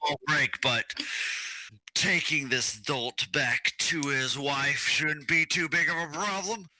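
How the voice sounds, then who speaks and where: A man's voice: a little high, takes it slowly, pushed and bright, pitched above the performer's own voice, full character voice, poor audio. A man voicing a polite male adventurer who reassures and corrects his friend. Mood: courteous. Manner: courteous, reassuring.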